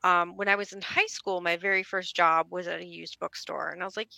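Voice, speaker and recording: Woman guest, relaxed and wry, lowish voice with some fry, dry sound. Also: a little fast, dry recording. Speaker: bookstore owner, guest. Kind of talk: casual interview answers.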